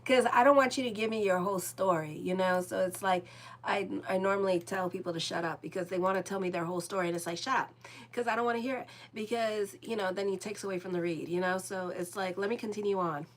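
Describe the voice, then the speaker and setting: A woman's voice: mid-range voice, fast talker, few pauses. A woman, hosting her horoscope channel in a chatty, rambling, blunt monologue with casual swearing. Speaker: astrologer and channel host.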